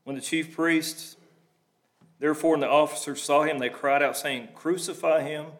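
A man's voice: a little high, steady tone, moderate pace, a bit bright. A man preaching a sermon, reading scripture aloud and breaking into plain conversational asides to explain it.

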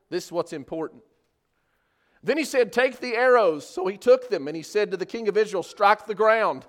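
A man with a high, light voice delivers a sermon, reading scripture and explaining it in an earnest, emphatic way. He raises his force on the key points of his message. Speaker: preacher.

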